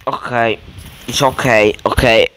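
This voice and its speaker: A man doing casual gameplay commentary as a gaming YouTuber, erratic and exclamatory, swinging between mumbles and yells. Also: medium pitch, fairly even intonation, unhurried, background noise.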